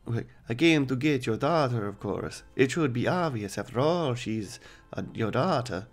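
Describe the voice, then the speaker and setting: A man's voice: mid-range voice, animated, normal speed, soft background music. A man voicing a smug, casually menacing male vampire lord while reading game dialogue aloud.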